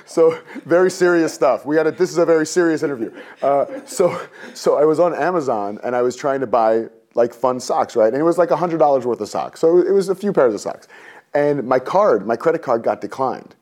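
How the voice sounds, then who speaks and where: A man in his forties, a guest on an interview show, telling a personal story in a lively way and acting out what people said. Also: brisk. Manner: lively, acts out quotes with raised pitch.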